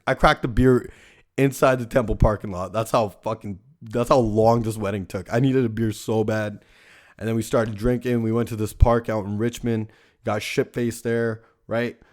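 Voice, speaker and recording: A young man with a middle-pitched voice rants through a casual monologue. He swears constantly and leans on "like" as a filler, with a loose, profane delivery. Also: a little mellow. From Canada. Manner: profane ranting, heavy use of "like". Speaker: podcast host.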